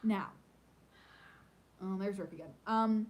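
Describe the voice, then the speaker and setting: A woman chatting casually on her vlog and answering viewer questions. She rambles with frequent ums and turns animated and playful in her stories. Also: mid-range voice, slow, rough recording. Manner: animated and playful when telling pet stories. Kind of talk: casual chat.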